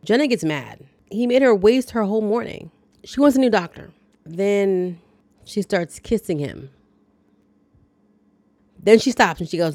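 A woman's voice: medium pitch, lively intonation, unhurried, pauses often, a little mellow, no room sound. A woman podcast host giving a chatty, wry, dryly joking casual recap of a movie. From lives in the American South.

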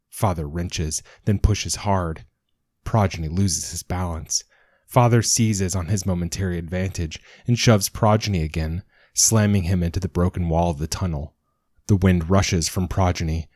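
A man reading a dramatic story as narrator, in a measured storytelling manner. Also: sits low, mellow, no echo, clean studio sound. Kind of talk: scripted narration.

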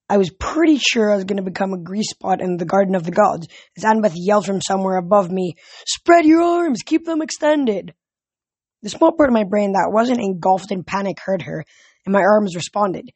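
A man reading a novel aloud as a fan audiobook, steady with occasional slips and restarts. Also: sits high, no room sound. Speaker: audiobook reader.

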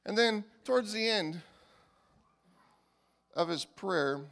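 A male pastor preaching a sermon in a casual, animated way, often restarting his sentences. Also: high-pitched, slow, gravelly. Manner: animated and informal, with frequent restarts. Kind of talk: conversational sermon.

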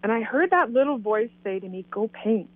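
A woman's voice: a little high, a little fast, no room sound. Woman telling her story over a phone line. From Canada. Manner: animated, acts out quoted dialogue. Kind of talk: casual storytelling. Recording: tinny phone line, dry.

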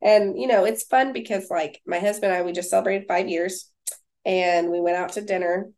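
A young woman co-hosts a casual faith-based podcast, reading scripture verses and then chatting about them with fillers. Her medium-pitched voice is steady, fairly quick, and somewhat dark in tone.

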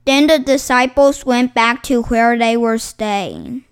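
A woman reading Bible passages aloud in a slow, formal, measured way, setting each phrase apart. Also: on the high side, smooth. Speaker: scripture reader.

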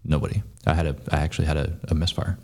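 A deep-voiced man talks fast and bluntly, swearing freely as he tells a long story. He is a former soldier speaking as a podcast guest, relaxed and conversational. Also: creaky. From United States. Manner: blunt, profane, fast-talking. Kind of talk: casual storytelling.

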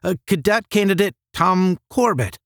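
A man's voice: high-pitched, animated, normal speed, a bit bright, no room sound, clean studio sound, pitched above the performer's own voice. A man doing a stammering teenage cadet. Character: nervous teenage boy cadet, earnest.

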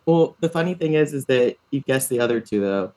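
Podcast guest, mid-pitched, rambling and earnest, many restarts. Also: expressive, a little fast, dark tone. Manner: rambling, self-correcting, earnest. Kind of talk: casual chat.

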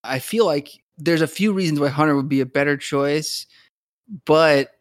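A man talks loosely in a casual chat, his voice sitting a touch higher than most men's. He trips over his words, restarts, and laughs as he goes. The sound is dry and close. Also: normal speed, no room sound. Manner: rambling, restarts often, laughs a lot. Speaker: podcast co-host.

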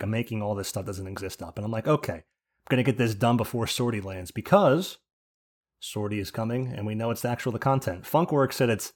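A man from New Jersey co-hosting a podcast, rambling through jokey rants with plenty of swearing. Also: on the low side. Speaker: podcast co-host. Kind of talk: casual chat.

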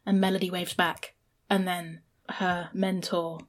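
A woman in casual conversation, retelling a picture book in an animated, chatty way. Her pitch sits mid-range for a woman. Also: slow.

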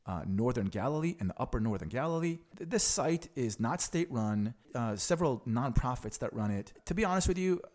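A man's voice: mid-range voice, expressive, brisk, hardly any pauses, darkish tone. A man giving opinionated political commentary, explaining things frankly to the audience with a sarcastic edge.

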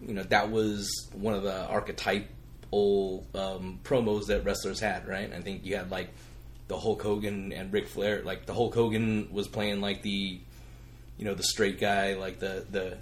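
A man co-hosting a casual podcast, talking quickly with many fillers. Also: on the low side, a little hiss or hum. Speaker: podcast co-host. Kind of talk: casual chat.

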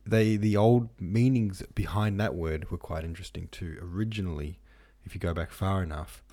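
With a low-pitched, slightly mellow voice, this podcast host reads listener comments and reference passages aloud. The talk is a casual book-club discussion, and he muses his way through it with plenty of ums and asides.

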